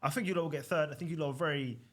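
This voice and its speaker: A man's voice: fairly high pitch, rapid-fire. A young man, chatting about football and teasing his co-host, using casual slang. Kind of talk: casual chat.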